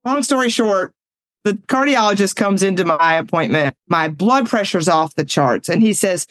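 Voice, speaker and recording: A woman, telling personal stories in casual talk, animated and laughing often as she acts out the voices in her story. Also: mid-range voice, moderate pace, no echo. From Southern United States.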